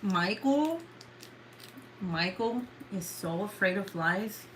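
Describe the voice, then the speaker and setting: A woman's voice: mid-range voice, expressive, slow pace, a little hiss or hum, low-quality recording. A woman in her thirties chatting casually with viewers, swearing, rambling and laughing often. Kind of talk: casual chat.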